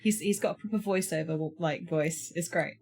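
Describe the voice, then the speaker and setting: English woman co-host, lower voice, self-mocking and quick to laugh in loose chat. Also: a little mellow. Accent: British English. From Somerset, England. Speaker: podcast co-host. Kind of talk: casual chat.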